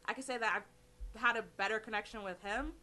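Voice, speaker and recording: A teenage girl co-hosting a school radio show, telling a story in animated casual chat, full of likes and giggles. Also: a little high, quick pace. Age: teens. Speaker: student radio co-host.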